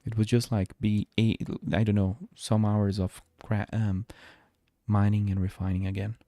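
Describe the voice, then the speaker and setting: A man's voice: on the low side, level tone, measured pace, warm tone, no echo, studio quality. A man streaming a space game, talking to himself in a rambling way with many restarts. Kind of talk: live gameplay commentary. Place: home.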